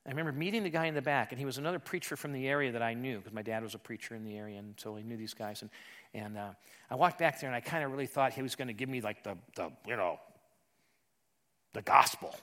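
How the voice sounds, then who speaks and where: Animated preaching man with a bright voice. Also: medium pitch, fast talker. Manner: storytelling, swinging from quiet asides to loud emphatic peaks; conversational, with repeated "and" restarts. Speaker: pastor. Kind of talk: sermon.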